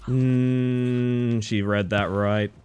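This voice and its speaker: A man's voice: mid-range voice, steady tone, very slow, darkish tone, clean tone. A man live-streaming a game, chatting casually and dryly to his viewers with self-mocking asides. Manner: dry, self-mocking, talks to chat.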